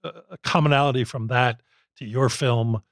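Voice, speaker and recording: A man hosting an interview podcast, talking in a halting way and searching for his words. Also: mid-range voice, steady tone, no echo, clean studio sound. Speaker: podcast host. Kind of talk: interview conversation.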